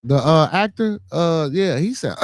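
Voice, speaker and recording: A man's voice: on the high side, dry recording. Profane, rambling Chicago man. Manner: rambling, profane, repeats himself, reads news aloud. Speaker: podcast host. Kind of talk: casual podcast chat.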